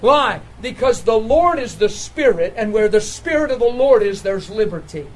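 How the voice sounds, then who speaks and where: A man preaching a sermon, telling a healing story with laughter and sudden excited jumps in his voice. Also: moderate pace, poor audio. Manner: animated storytelling, laughing, voice jumping high when excited.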